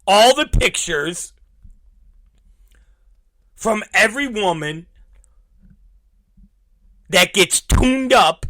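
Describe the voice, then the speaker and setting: A man in his fifties with a high, gravelly voice, hosting a show and spinning crude, animated stories at an unhurried pace. His tone is bright and edgy, and the dry recording has no room sound. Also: no room sound. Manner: profane, rambling, animated storytelling. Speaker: podcast host. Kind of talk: casual storytelling monologue.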